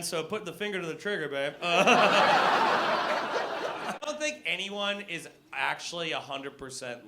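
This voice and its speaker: A young man doing a stand-up comedy set, brash and profane, working the crowd and shouting his punchlines over audience laughter. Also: fairly high pitch, heavy background noise. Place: comedy club with live audience.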